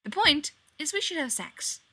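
A woman voicing an impatient adult male scientist who speaks in a brisk, matter-of-fact way. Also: high-pitched, big pitch swings, pushed and bright, voice pushed up, exaggerated voice.

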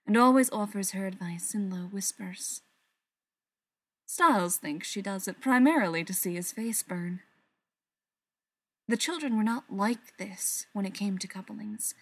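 Woman, story reader, soft voice, slips into whispers. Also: mid-range voice, dry recording. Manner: soft, often drops into a whisper. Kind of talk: reading a story aloud.

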